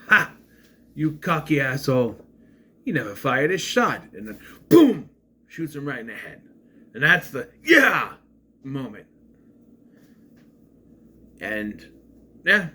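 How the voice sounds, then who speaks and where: A man's voice: mid-range voice, fairly bright tone, slight background noise. A man giving a casual, rambling spoken film review, with frequent restarts and asides. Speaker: movie reviewer.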